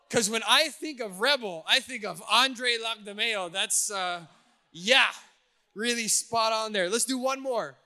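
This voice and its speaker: A man's voice: sits high, moderate pace, pushed and bright. A male pastor giving a playful sermon, teasing his audience before reading scripture. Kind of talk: playful sermon to a youth crowd.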